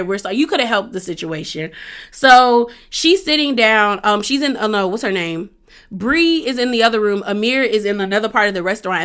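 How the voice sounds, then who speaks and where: A young woman casually recapping a reality show in a chatty, slangy way, acting out the cast's lines as she goes. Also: medium pitch. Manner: chatty, slangy, animated retelling with acted-out quotes.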